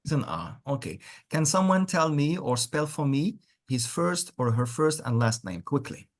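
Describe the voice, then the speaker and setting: A man's voice: on the high side, sing-song, normal speed. A man teaching an online English lesson, encouraging and repeating words with frequent praise. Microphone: computer mic on a video call.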